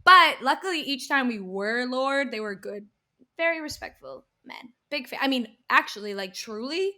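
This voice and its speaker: A young woman co-hosting a podcast, telling a story in a lively casual chat, laughing and swearing as she goes. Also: sits high, moderate pace. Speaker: podcast co-host.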